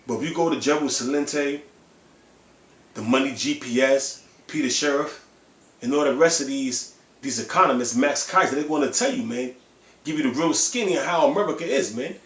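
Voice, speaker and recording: A man's voice: mid-range voice, moderate pace, fairly bright tone. A man preaching with fiery emphasis on a livestream. He is blunt and profane, and he ends phrase after phrase with "man.". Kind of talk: impassioned religious preaching. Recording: echoey room.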